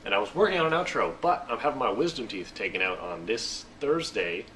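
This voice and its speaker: A man's voice: medium pitch, very animated, fairly quick, fairly bright tone. A young man hosting a casual, jokey reading and explanation of a scripture passage, recorded from a distance with faint noise. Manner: goofy, slangy, jokey. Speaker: show host.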